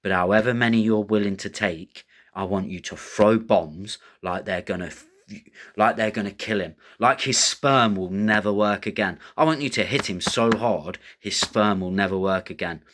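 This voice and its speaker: Blunt low-voiced man talking fights. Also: moderate pace, fairly bright tone. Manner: blunt, rambling, coarse. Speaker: MMA betting tipster host. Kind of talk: casual predictions commentary.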